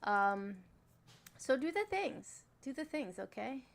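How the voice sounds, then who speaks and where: A woman moderates a casual live stream, joking, swearing freely and bossing her viewers around. Her voice is a little high for a woman and gravelly, with big pitch swings and a slow delivery.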